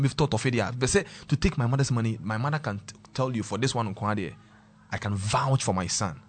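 A man's voice: medium pitch, fairly quick. A Ghanaian man presenting a talk show, sharing a passionate personal testimony and mixing English and Twi. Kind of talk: emotional personal testimony to viewers.

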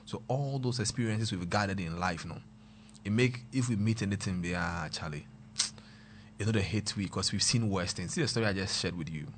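A young man with a Ghanaian accent, casually telling a personal story, mixing pidgin and local words and swinging between loud and quiet. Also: low-pitched, a little fast, a little hiss or hum.

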